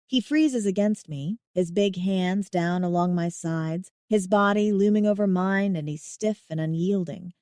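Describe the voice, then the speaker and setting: A young adult woman narrating a first-person audiobook, with an expressive, emotive delivery and dramatic swings. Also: lowish voice, unhurried, hardly any pauses, no echo, studio quality.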